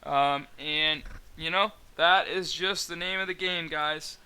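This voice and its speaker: A young man with a bright, smooth, clear voice, pitched a little above the usual for a man. He talks his viewers through his trades casually, rambling with plenty of fillers and restarts. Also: steady tone, slow. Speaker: stock trading mentor.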